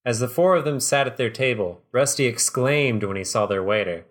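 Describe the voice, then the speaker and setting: A man's voice: mid-range voice, animated, fairly quick, hardly any pauses, a bit bright. A man hosting a podcast, reading a story aloud in a casual way and chuckling between lines. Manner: laughs mid-reading, does voices.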